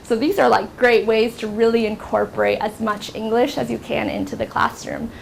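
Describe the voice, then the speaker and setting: Teaching a workshop in a university classroom, a young woman from the United States lectures casually, leaning on lots of ums and likes. Her fairly high, creaky voice keeps a fairly even intonation at normal speed, and slight background noise is present.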